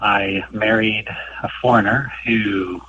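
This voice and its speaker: A man's voice: fairly low pitch, fairly even intonation, slow pace, bright, forceful tone, a little hiss or hum. A man from Ohio with a Midwestern American accent, calling in to a radio show and explaining his question in a hesitant, conversational way. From Ohio, United States. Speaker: caller. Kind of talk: phone-in question. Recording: distant-sounding phone call.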